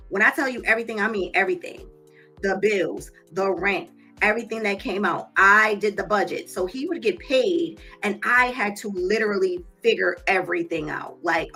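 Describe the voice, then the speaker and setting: A woman's voice: medium pitch, pushed and bright. A woman hosting a live stream, who tells her own story candidly and speaks straight to her viewers. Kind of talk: casual live-stream talk.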